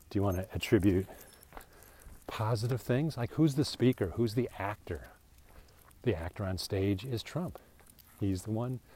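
A man's voice: on the low side, warm tone. An older man talking through a casual commentary monologue, rambling and chuckling. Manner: rambling, chuckling, slips into mocking voices. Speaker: political commentator.

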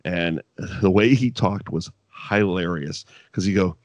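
A man's voice: deep voice, unhurried, no room sound. A man co-hosting a casual chat podcast reviewing wrestling, swearing freely and breaking into mock voices.

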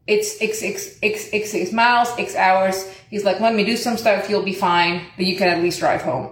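A woman's voice: medium pitch, normal speed, few pauses, echoey room. A woman telling a story to her followers in casual, profane talk and acting out what other people said. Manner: profane, animated, acts out other people's lines. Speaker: vlogger.

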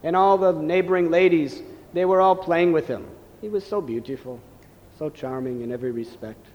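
A man tells a devotional story in a gentle, reverent sermon manner. His voice sits somewhat high for a man. A long reverb from a large hall follows his words. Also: normal speed, muffled recording. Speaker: preacher.

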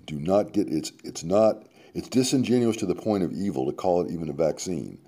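A man hosting a radio show reads out a column with running commentary, slipping sarcastic asides between the quotes and veering dramatically from emphatic to muttered. His low voice is mellow and slightly rough, animated and fairly quick.

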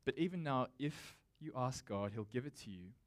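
A man delivering a sermon in an easygoing, conversational tone, speaking directly to his congregation. His voice sits at an ordinary, middling pitch. He preaches with casual fillers and restarts rather than formal oratory. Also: lively intonation, normal speed. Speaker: pastor.

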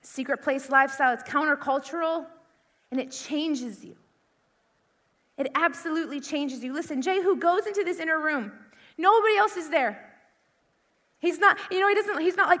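A woman's voice: sits high, normal speed, pauses often, a bit bright, in a large hall. A woman preaching to a youth crowd, passionate and conversational, with lots of repetition. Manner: impassioned, conversational, full of repetition. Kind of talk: sermon.

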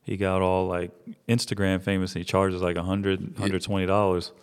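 A middle-aged man with a very deep, low voice tells stories in a relaxed, profane way, forever tossing in "you know what I'm saying". The room adds a long, lingering reverb. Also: moderate pace, clean tone. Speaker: barber, guest. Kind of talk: casual storytelling chat.

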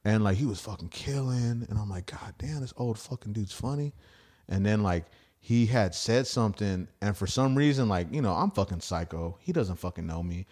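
A man's voice: fairly low pitch, expressive, moderate pace, darkish tone. A man hosting a casual podcast, telling stand-up stories in a rambling, profane way and acting out quotes. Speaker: podcast host and stand-up comic. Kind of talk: casual storytelling chat.

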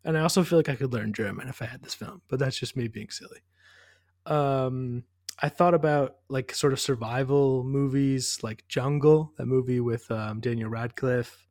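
A man's voice: mid-range voice, steady tone, moderate pace, a little mellow, dry recording. Thoughtful man, dry close sound. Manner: thoughtful, hesitant, self-deprecating. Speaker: podcast co-host. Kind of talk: casual chat.

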